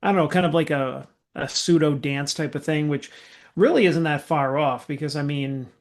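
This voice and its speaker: A man's voice: on the high side, normal speed. A man co-hosting a casual music podcast, giving a rambling, hesitant rating of a track with many fillers. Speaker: podcast co-host. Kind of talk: casual chat, album review.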